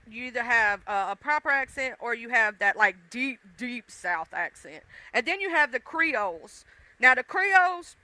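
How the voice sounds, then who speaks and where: A woman from the American South with a mixed deep-South accent chats loosely with her livestream viewers. She rambles, talks straight to the chat and curses casually. Her voice is very bright and sharp, recorded dry and close. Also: no room sound, low-quality recording. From Southern United States. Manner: rambling, chatty, swears freely, addresses chat directly. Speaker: livestream host.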